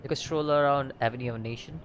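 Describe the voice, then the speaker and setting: Man reading a text game aloud, stumbling asides, mid-pitched voice, faint noise. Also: fast talker, rough recording. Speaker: gaming channel host.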